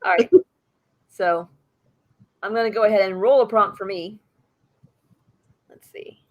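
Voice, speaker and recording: A woman's voice: mid-range voice, fairly even intonation, unhurried. Woman spinning a tale as a tabletop player. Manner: rambling, casual, swears freely. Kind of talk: in-character storytelling in a tabletop game.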